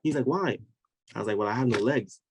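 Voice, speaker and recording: A man, a podcast guest, telling a personal story in an animated, conversational way and acting out the voices of people in it. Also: fairly low pitch, rapid-fire, a little hiss or hum, poor audio. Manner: vivid, acts out voices of people in his story.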